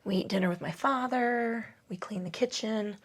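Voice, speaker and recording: A woman's voice: fairly high pitch, normal speed. A woman leading a yoga class, talking her way through the poses with chatty, self-mocking asides and casual swearing, a little out of breath. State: breathing heavily. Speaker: yoga instructor.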